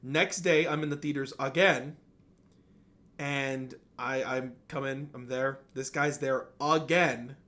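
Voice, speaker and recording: A man's voice: medium pitch, slow pace. A man hosting a casual podcast chat, telling a story with lots of swearing and acted-out quotes. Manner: animated storyteller, swears freely, acts out quotes. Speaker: podcast host.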